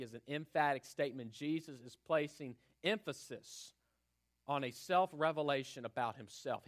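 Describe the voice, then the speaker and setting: Male preacher, earnest and emphatic, mid-pitched, for a sermon read. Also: a bit bright. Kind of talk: sermon with prayer and scripture reading.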